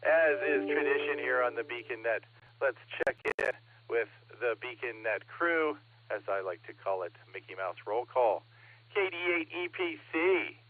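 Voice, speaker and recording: A man's voice: mid-range voice, animated, moderate pace. A man running a ham radio net as net control, chatting casually and reading out call signs. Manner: chatty, laughs often, reads call signs. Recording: radio transmission, narrow band.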